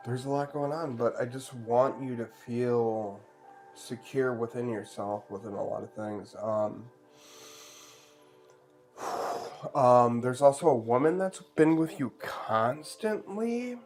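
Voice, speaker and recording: Man, tarot reader, live stream, chatty, joking, middle pitch, faint background music. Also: slow pace, a little mellow. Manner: chatty, relays spirit messages, jokey.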